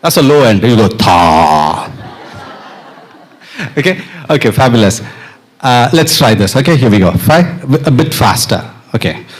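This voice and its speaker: A middle-aged percussionist on stage with a mic, playfully coaching an audience to chant rhythm syllables. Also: male voice, medium pitch, animated, fairly quick, breathy edge. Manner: playful, encouraging, laughs often. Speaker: percussionist leading an audience exercise. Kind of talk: live stage talk with audience participation. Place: stage of a live dance performance.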